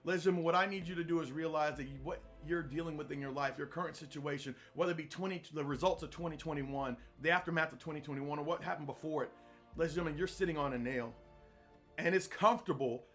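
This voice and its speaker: A man delivers a motivational monologue for his podcast, pleading and repeating himself like a preacher. His voice sits a little high for a man. Faint music plays underneath. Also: fast talker, fairly bright tone. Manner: earnest, repetitive, preacher-like. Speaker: podcast host.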